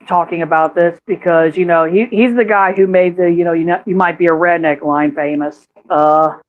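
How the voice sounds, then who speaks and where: Tinny-sounding swearing woman, laughing often. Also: fairly low pitch. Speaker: podcast co-host. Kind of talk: casual chat. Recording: tinny phone-like line.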